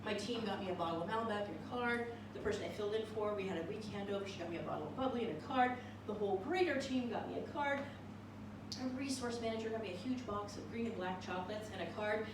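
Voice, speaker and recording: Between songs at her cabaret show, a comedian from California banters with a small live crowd, poking fun at herself with wry humor as she combines singing and stand-up. She speaks fast at a medium pitch, captured distantly in an echoey live room with music and background noise.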